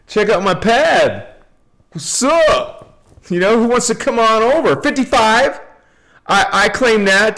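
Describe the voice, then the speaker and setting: A man hosting a casual spiritual livestream, greeting viewers by name in a playful way and laughing often. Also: high-pitched. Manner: relaxed and unhurried. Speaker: livestream host.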